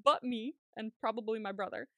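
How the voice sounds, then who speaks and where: Young woman podcast cohost, kinda high voice, dry close sound, laughs a lot while telling stories. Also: fairly quick, pushed and bright, dry recording. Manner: chatty storytelling, laughs often, acts out quotes. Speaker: podcast co-host. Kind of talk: casual chat.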